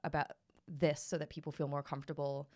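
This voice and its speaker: Woman co-host, very low voice, earnest and supportive, dry sound. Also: little pitch movement, fairly quick, a little mellow, dry recording. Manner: earnest, supportive, with run-on sentences. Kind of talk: casual podcast conversation.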